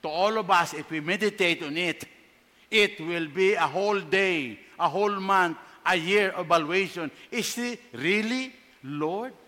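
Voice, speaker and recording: A man with a Filipino accent preaching a sermon, earnest, repeating his questions and rising in pitch and force as he presses each point. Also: normal speed, pushed and bright, long reverb tail.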